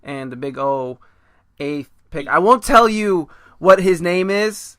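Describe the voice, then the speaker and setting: A man hosts a laid-back podcast with a bright, crisp voice, a touch higher than most men. He rambles and pokes fun at himself. The sound is close and dry. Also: lively intonation, slow pace, no room sound. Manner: rambling, joking and self-mocking. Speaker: podcast host. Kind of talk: casual chat.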